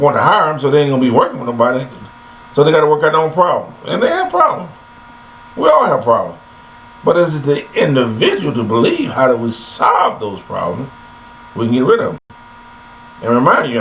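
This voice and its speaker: Older man, rambling homespun monologue, lively rising and falling pitch, mid-pitched voice. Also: a little hiss or hum, low-quality recording. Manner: folksy and preachy, addresses listeners directly. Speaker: vlogger. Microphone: laptop webcam.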